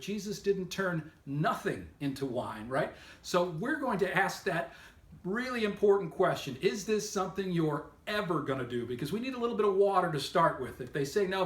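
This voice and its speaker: Man, sales coach, upbeat and emphatic, slightly high voice, roomy echo. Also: a bit bright. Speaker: sales trainer. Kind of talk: instructional talk to camera.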